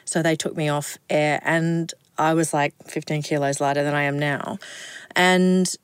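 A middle-aged Australian woman, a broadcaster, telling lively anecdotes in a casual interview, often laughing between lines. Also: sits low, measured pace, smooth, no room sound.

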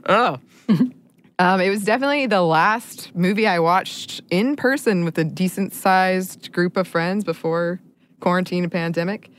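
Low-pitched woman cohost, casual podcast chat, laughs a bunch and restarts sentences. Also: a little slow. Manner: chatty, laughs often, trails off and restarts. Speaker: podcast co-host.

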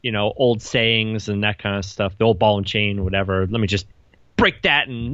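A man's voice: lowish voice, no room sound, muffled recording. A man co-hosting a podcast, chatting casually and acting out quotes as he goes. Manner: quick, chatty, animated quoting. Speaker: podcast co-host. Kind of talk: casual chat.

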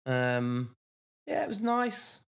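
A man's voice: mid-range voice, wildly swooping pitch, takes it slowly, creaky. A man co-hosting a podcast, chatting casually with lots of fillers and restarts. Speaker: podcast co-host. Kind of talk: casual chat.

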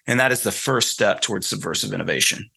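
Bright-voiced Southern man from North Carolina. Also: lowish voice, expressive, fast talker, gravelly, breathy edge. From North Carolina, USA. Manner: thoughtful, explanatory, storytelling. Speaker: guest author. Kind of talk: conversational interview.

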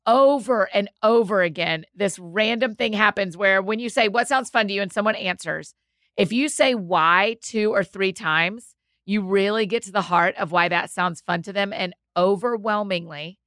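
A woman's voice: mid-range voice, normal speed, a bit bright, no echo, clean studio sound. A woman, a guest author talking enthusiastically and explaining ideas in a casual podcast chat.

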